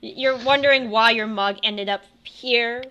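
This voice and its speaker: A woman's voice: fairly high pitch, moderate pace, sharp tone, highs cut off. A young woman narrating a tabletop game as game master, chatty and laughing, with many restarts.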